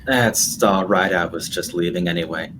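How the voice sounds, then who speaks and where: A man's voice: low-pitched, moderate pace, fairly bright tone, slight background noise. A man playing a tabletop game, speaking in character in a laid-back, easygoing way. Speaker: player.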